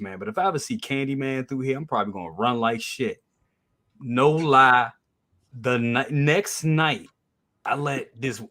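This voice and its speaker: Male co-host, mid-pitch, swings his voice up and down telling a loose, profane story. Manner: animated anecdote telling, frequent swearing. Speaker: co-host of a toy review show. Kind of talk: casual group chat, storytelling.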